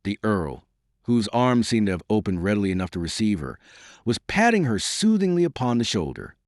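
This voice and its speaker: A man reading a historical novel aloud in an expressive, theatrical manner. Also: on the low side, a little fast, no room sound, clean studio sound. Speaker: audiobook narrator. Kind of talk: scripted narration.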